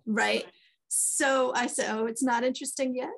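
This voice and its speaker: A woman's voice: fairly high pitch, normal speed, creaky. Woman guest, middle-aged, chatty storyteller voicing the people in her tales. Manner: animated, acts out quoted dialogue. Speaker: author guest. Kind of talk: casual storytelling chat.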